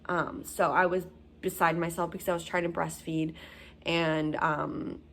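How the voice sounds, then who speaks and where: A woman's voice: sits low, level tone, measured pace, fairly bright tone, slight background noise. A young woman telling her story as a new mother, rambling with many fillers. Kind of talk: casual storytelling.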